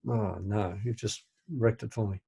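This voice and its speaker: A man's voice: fairly low pitch, steady tone, moderate pace, gravelly, mellow, husky. An older man co-hosting a podcast, chatting casually in a rambling, hesitant way and laughing easily. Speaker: podcast co-host. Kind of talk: casual chat.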